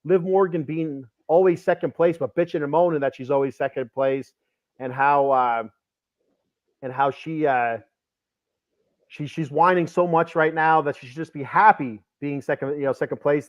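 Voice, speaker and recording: A man co-hosting a podcast in casual chat, excited and quick to repeat words when worked up. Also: fairly high pitch, lo-fi sound. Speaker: podcast co-host.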